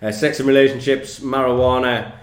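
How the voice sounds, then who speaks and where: A man's voice: medium pitch, steady tone, brisk, echoey room. A young Geordie man, a comedian, swearing freely and laughing as he tells a story on a podcast. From Newcastle, England. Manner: swears a lot, laughs through stories. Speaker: comedian guest.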